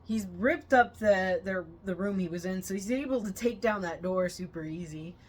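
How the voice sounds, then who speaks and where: A woman co-hosting a movie review channel, retelling scenes with loud excited quotes. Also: medium pitch, normal speed, a little hiss or hum. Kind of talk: casual movie review chat.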